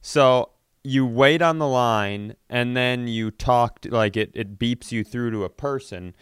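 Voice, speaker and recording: A man's voice: mid-range voice, a little slow, smooth, no echo, studio quality. A man hosting a comedy podcast, telling a story casually and acting out the phone voices with laughs along the way.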